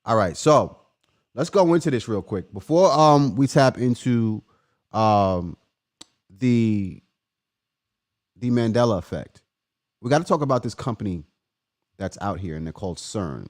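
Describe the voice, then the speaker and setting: A man's voice: fairly low pitch, expressive, measured pace, pauses often, dry recording, clean studio sound. Laid-back man hosting a livestream. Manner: laid-back, chatty, shouts out viewers by name. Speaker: livestream host. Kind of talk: casual livestream chat.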